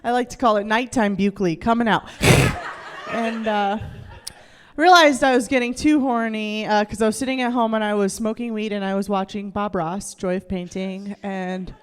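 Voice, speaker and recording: A woman's voice: medium pitch, fairly even intonation, moderate pace, clear, resonant tone, long reverb tail. A young woman comedian performing a stand-up set on a club stage into a handheld mic, rambling loosely, laughing, and acting out quotes.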